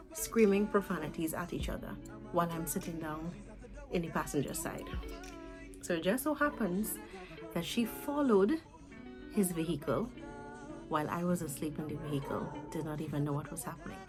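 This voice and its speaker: A Trinidadian woman in her twenties telling a storytime vlog in an animated, chatty way, with asides to her viewers. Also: lowish voice, poor audio. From Trinidad and Tobago. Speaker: vlogger.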